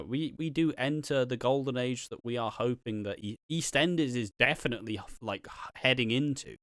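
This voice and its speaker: A man co-hosting a podcast, giving an animated, opinionated rant with plenty of swearing. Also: fairly low pitch, dry recording, studio quality. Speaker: podcast co-host.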